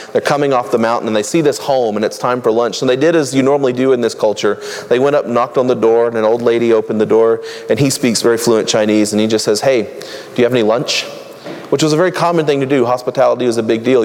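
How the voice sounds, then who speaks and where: A man's voice: medium pitch, darkish tone, long reverb tail. A man preaching a sermon in a conversational, humorous way, rattling off long lists.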